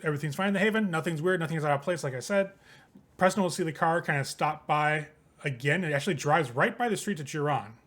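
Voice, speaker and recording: A man narrating a tabletop game as game master, in a relaxed, rambling way full of fillers. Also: on the high side, fast talker.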